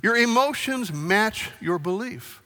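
A male preacher with a high, bright voice talks easily with his congregation and keeps asking them questions. The sound carries the long reverb of a large hall. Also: lively intonation, slow pace. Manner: asks the congregation questions, conversational. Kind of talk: sermon.

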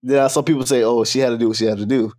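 Podcast dude kinda hesitant, lots of restarts n slang, average voice. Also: male voice, medium pitch, fairly even intonation, rapid-fire, darkish tone. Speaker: podcast co-host. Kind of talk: casual chat.

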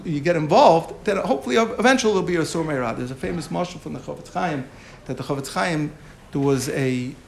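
A man's voice: on the high side, vocal fry, a little hiss or hum. A man giving a Torah class lecture as the teacher, explaining through a parable and often repeating and restarting his phrases.

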